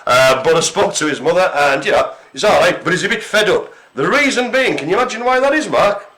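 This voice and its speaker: A man's voice: sits high, lively intonation, a little fast, fairly bright tone. A man co-hosting a live broadcast, telling jokey stories in casual chat with plenty of fillers. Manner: chatty, jokey storytelling with fillers. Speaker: co-host of a live care-centre broadcast.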